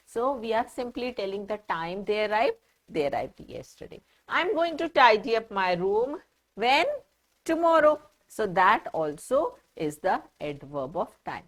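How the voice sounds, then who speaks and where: A woman with an Indian English accent takes children through a grammar lesson at an even, middling pitch. She explains patiently, goes over each example more than once and stops to check that they understand. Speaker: teacher.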